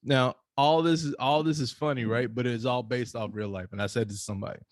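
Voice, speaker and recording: A man hosting a relaxed podcast, talking in easy slang and laughing along. His voice is of middling pitch. The sound is dry, with no room echo. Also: quick pace. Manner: laid-back, laughing, loose slang. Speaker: podcast host. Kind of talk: casual podcast chat.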